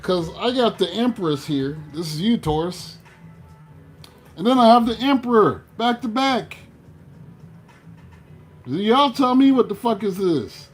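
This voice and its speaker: A man giving a casual tarot reading, animated, swearing and talking to himself. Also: high voice, unhurried, pauses often, faint music behind. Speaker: tarot reader.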